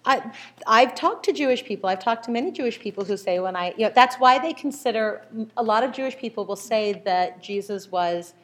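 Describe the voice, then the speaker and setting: A woman leading a casual group Bible study, retelling stories lively and acting out the voices of the people in them. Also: fairly high pitch, fairly quick. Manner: animated storyteller, acts out quoted voices.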